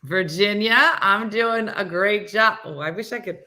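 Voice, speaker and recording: A woman's voice: medium pitch, a little slow, bright, forceful tone. A woman in her sixties hosting a casual morning show, chatting and reading out viewer comments with self-mocking humor. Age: 60s. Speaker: show host.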